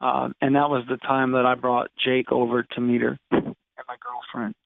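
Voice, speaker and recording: A man in his thirties tells his own story in an interview, halting and restarting often. His voice has a gravelly edge. The recording is tinny and narrow like a phone line, with no room sound. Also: medium pitch, flat delivery, no echo. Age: 30s. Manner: halting, many fillers and restarts. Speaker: guest.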